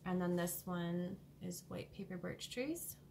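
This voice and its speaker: A woman vlogger showing off her cross-stitch haul at home in a rambling, hurried way, with many pauses and ums. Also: lowish voice, gravelly, noisy background. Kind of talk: casual show-and-tell haul. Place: home, indoors.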